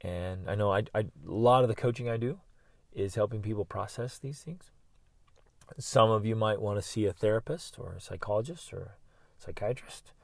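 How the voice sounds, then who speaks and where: A middle-aged podcast host and life coach gives a motivational solo talk about working through pain, earnest and encouraging, with bursts of loud yelling. His voice is on the low side, with a dry recording and clean studio sound.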